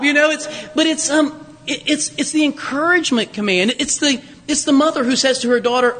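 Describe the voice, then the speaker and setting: A male pastor delivers a sermon in a high, swooping voice. His tone is bright and lively, mixing humor and asides with teaching. The sound carries a long reverb from a church sanctuary. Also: fairly quick. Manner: animated storytelling with humor and asides.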